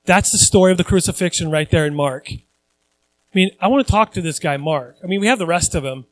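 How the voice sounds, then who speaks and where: A man's voice: sits high, fast. A male pastor preaching a conversational sermon, earnest and repeating phrases for emphasis.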